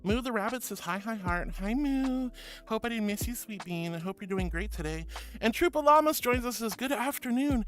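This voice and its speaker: A man with a high, light voice chats softly and affectionately with his livestream audience, greeting each viewer with pet names. Faint music plays beneath his talk. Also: lively intonation, fairly quick. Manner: gentle and affectionate, calls viewers honey and sweetie. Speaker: VTuber streamer. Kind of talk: casual livestream chat, reading viewer messages.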